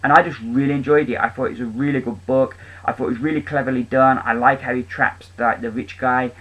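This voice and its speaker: A man's voice: medium pitch, steady tone, quick pace, fairly bright tone, low-quality recording. A man giving a casual, enthusiastic spoken review of comic books, rambling with frequent ums and restarts.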